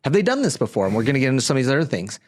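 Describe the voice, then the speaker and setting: A man's voice: medium pitch, sing-song, very fast. A man who is a lawyer and podcast co-host, explaining things plainly in casual talk and laughing often.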